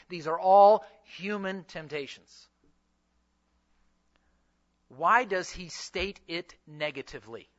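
A man delivers a sermon in a high, bright voice that swings widely in pitch. He teaches by asking his listeners questions. The recording sounds dull and lo-fi. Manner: animated preaching with rhetorical questions. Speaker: pastor and seminary teacher.

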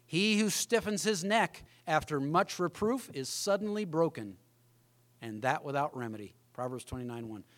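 A man's voice: fairly high pitch, animated, normal speed. A middle-aged man preaching a sermon as pastor, emphatic, often acting out the voices of others.

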